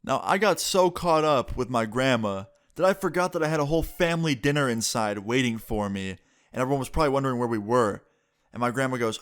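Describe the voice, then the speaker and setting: A young man telling a story casually on his vlog, animated and profane, acting out the dialogue he quotes. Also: medium pitch, fast talker, clear, resonant tone. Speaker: storytime vlogger.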